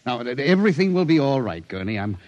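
A man's voice: medium pitch, big pitch swings, fast talker, a little mellow, lo-fi sound, close to an everyday voice. An actor playing an impatient male company boss, brusque and flustered, in a 1950s radio drama.

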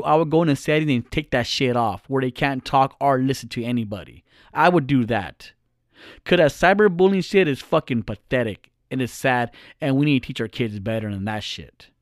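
A man's voice: medium pitch, dry recording, clean studio sound. A middle-aged man vlogging in a blunt, profane, heated rant straight to his viewers. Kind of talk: casual ranting monologue.

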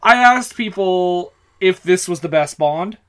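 A man's voice: high-pitched, expressive, a little slow, fairly bright tone, clear, resonant tone. A man from Canada co-hosting a podcast in casual comedic chat, easygoing, reading out listener comments. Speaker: podcast co-host.

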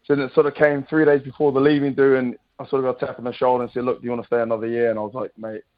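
A man's voice: mid-range voice, flat delivery, rapid-fire, narrow, tinny audio. A man in his thirties with a New Zealand accent, chatting casually as a radio guest with plenty of fillers. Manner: laid-back, chatty, lots of fillers. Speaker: guest rugby player.

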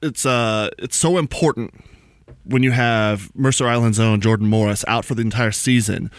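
A man hosting a casual soccer podcast, talking in a joking, animated, rambling way. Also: mid-range voice, moderate pace, no echo. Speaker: podcast host. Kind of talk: casual sports chat. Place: small studio room.

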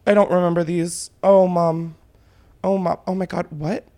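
A man's voice: high voice, moderate pace. A man hosting a casual chat, telling a story with lots of swearing and laughter. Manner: animated storyteller, swears freely, laughs often. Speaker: podcast host.

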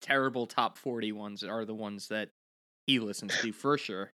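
Bright-voiced man chatting on a podcast. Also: fairly low pitch, normal speed, no room sound, studio quality. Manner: laughs easily, chatty. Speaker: podcast co-host. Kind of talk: casual chat.

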